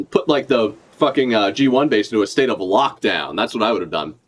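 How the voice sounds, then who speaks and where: A man giving casual live reaction commentary as a streamer, animated and profane, laughing often as he talks. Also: mid-range voice, moderate pace, breathy edge. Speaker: streamer reacting to a manga chapter.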